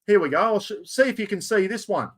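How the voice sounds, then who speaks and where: A man with an Australian accent and a fairly high-pitched voice talks straight to his live chat. He rambles cheerfully, laughs at his own fumbling, and keeps calling out to everyone watching. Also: expressive, fast talker. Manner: chatty, self-mocking, talks to viewers while fumbling with software. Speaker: livestream host. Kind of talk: casual live stream chat.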